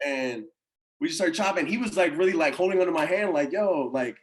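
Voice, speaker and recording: A man who coaches college baseball, telling a story in a casual podcast chat, animated and full of slang and swearing. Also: a little high, quick pace. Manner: animated, slangy and profane, with many acted-out quotes.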